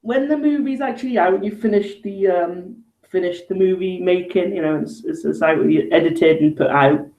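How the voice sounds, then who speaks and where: A man's voice: high-pitched, moderate pace, few pauses, a little mellow. A man hosting a casual live chat, speaking hesitantly with many restarts. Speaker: host. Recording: roomy echo.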